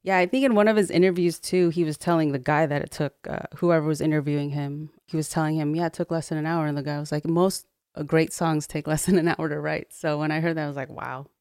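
A woman co-hosting a podcast, relaxed as she tells the history with many fillers. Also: deep voice, fast talker, few pauses, dry recording, studio quality. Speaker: podcast co-host. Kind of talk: casual chat.

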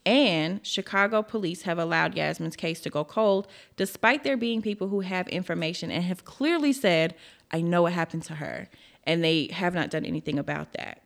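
A woman's voice: on the low side, lively intonation, normal speed, gravelly, hardly any pauses. A woman hosting a casual true crime podcast, telling the case bluntly with frank, profane asides.

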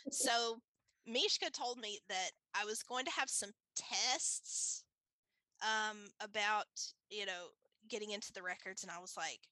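Bright, chatty woman telling a story. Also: medium pitch, measured pace, dry recording, low-quality recording. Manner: chatty, laughs often, many fillers. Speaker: guest. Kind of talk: casual storytelling interview.

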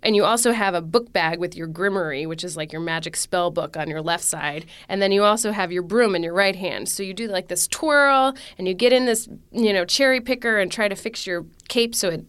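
A woman's voice: mid-range voice, a little fast, few pauses, a bit bright, clear, resonant tone, dry recording. A young woman, a stage actress, telling a story in a casual interview, acting out her own panic in quoted lines.

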